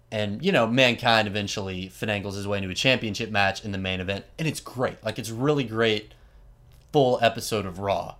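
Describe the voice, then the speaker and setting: A man host casually retelling a story, animated and chatty, with frequent asides and fillers. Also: on the low side, fairly quick.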